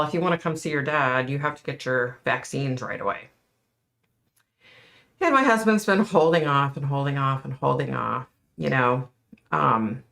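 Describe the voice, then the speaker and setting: A woman's voice: low voice, fairly bright tone. A middle-aged woman hosting a casual livestream, chatting and answering viewer comments. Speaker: livestream host.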